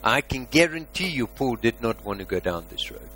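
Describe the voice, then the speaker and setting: A man's voice: mid-range voice, lively intonation, moderate pace, a little hiss or hum, rough recording. Emphatic preacher man. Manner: emphatic preaching with rhetorical questions, swings from loud to quiet. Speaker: pastor. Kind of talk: sermon.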